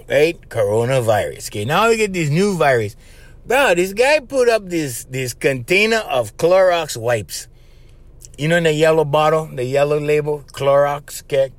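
A man hosts his podcast in a loose, animated monologue, his voice sitting high and bouncing all over. He talks in a conspiratorial, buddy-to-buddy way, and the sound is dry and close to the mic. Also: no room sound. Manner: animated and conspiratorial, tags lines with "bro" and "right?". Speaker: podcast host. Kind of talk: casual rambling monologue.

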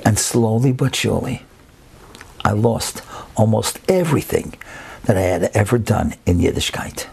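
A man telling a story expressively, building slowly and dropping to a whisper at times. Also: lowish voice, expressive, vocal fry, a little mellow, slight background noise. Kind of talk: told personal-style story.

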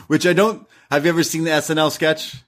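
A man's voice: on the high side, fairly even intonation, moderate pace, fairly bright tone. A man co-hosting a wrestling review podcast in casual chat, laughing often as he recaps scenes.

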